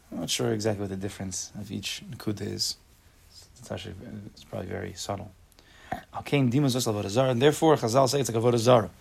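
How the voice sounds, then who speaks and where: A man teaches a casual Torah class, reading a text and then explaining it in plain words. His voice is gravelly and a little husky. He acts out angry everyday voices and keeps putting questions to the class. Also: medium pitch.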